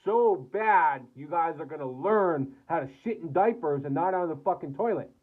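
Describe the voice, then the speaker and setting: A man's voice: on the high side, brisk. An American man delivering an angry, profanity-filled rant to camera, cursing and repeating himself. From United States. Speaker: vlogger. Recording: tinny phone-like audio.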